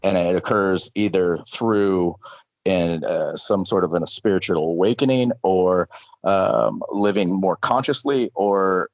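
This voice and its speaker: A man with a fairly low voice talks earnestly as a life coach in a relaxed conversation. He often repeats words as he works up to a point. The sound is dry and a little dull. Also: measured pace, no room sound. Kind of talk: casual conversation.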